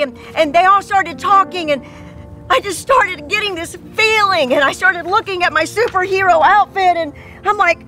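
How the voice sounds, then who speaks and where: A woman's voice: very high-pitched, moderate pace, sharp tone, soft background music. A woman pastor preaching a sermon to mothers, earnest and repetitive as she tells stories.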